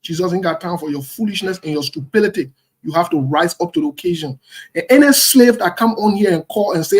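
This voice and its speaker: A man's voice: high voice, a little fast, breathy edge. A man giving heated, blunt political commentary, repeating his points emphatically.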